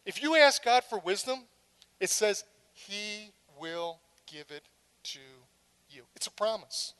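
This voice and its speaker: A middle-aged woman delivers a sermon in a lively, storytelling manner. She acts out scenes with dramatic flair and drops wry humorous asides between her points. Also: mid-range voice, takes it slowly, clear, resonant tone. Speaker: preacher.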